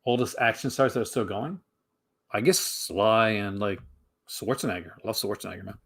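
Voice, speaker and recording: A man's voice: on the low side, moderate pace, gravelly, breathy edge. A man hosting a casual livestream, answering his chat in a rambling way full of fillers and restarts. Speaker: livestream host.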